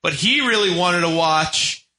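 A man hosting a loose radio chat who keeps pressing with what-if scenarios. His voice is high and very animated, and his tone is piercingly bright. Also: measured pace. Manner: probing, sets up hypothetical scenarios. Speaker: radio host. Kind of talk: casual radio banter.

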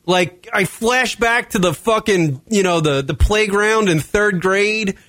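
A man co-hosting a comedy talk podcast, telling stories in a profane, animated way with lots of fillers. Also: sits high, a little slow, dry recording. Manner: animated, swears constantly, frequent fillers. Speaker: podcast co-host.

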